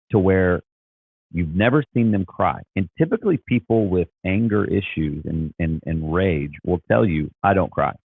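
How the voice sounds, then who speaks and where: A man's voice: sits low, husky, no echo, narrow, tinny audio. A man talking as a Christian life coach, earnest and encouraging, often repeating and restarting his words. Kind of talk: casual motivational talk.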